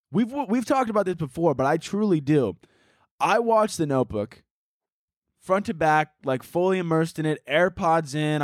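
A man's voice: fairly high pitch, no echo, clean studio sound. A man hosting a solo comedy podcast, rambling in a goofy, crude way and slipping into mock-dramatic narration.

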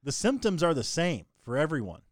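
A man co-hosting a casual talk show, explaining things plainly with deadpan sarcasm. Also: fairly high pitch, a little fast, dry recording, clean studio sound. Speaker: co-host. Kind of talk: casual chat.

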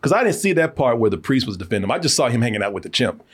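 A man in casual, profane chat about a movie, animated and laughing often. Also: medium pitch, very fast, noisy background. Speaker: podcast co-host reviewing a film.

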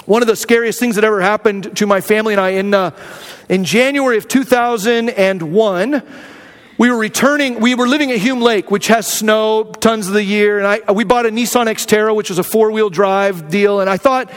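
Male pastor from Arizona with a high voice, earnest and conversational storytelling, with a long hall echo. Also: moderate pace. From Arizona, USA. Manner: earnest, candid, conversational with many restarts. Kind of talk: sermon storytelling.

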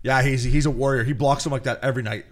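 A man co-hosting a sports podcast, telling stories quickly and swearing often in casual banter. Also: mid-range voice, fairly even intonation. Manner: rapid, profane, storytelling. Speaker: podcast co-host.

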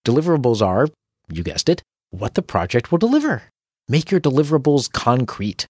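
A man's voice: medium pitch, sing-song, a little fast, a little mellow, breathy edge, no echo, studio quality. A man hosting a tips podcast, reading a script with playful, dramatic asides. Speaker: podcast host.

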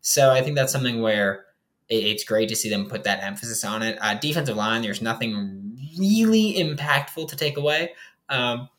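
A man's voice: medium pitch, moderate pace, a bit bright. A young man hosting a casual sports show, breaking down his team's roster in a loose, rambling way with lots of fillers. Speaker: sports podcast host. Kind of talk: casual football analysis.

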